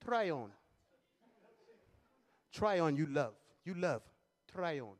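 A man doing a cool, low-voiced shoe salesman. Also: sing-song, slow pace. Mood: coaxing. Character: smooth-talking male shoe salesman, cool and unbothered. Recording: long reverb of a large hall.

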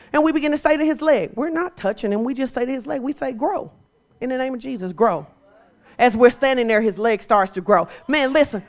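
A woman preacher delivering a sermon, moving from quiet storytelling to shouted exhortation. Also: fairly high pitch.

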